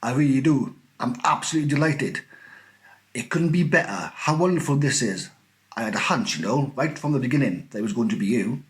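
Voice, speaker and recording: A man voicing a cheerful, eccentric factory owner who talks in brisk, gleeful exclamations. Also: medium pitch, expressive, close to an everyday voice. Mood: delighted.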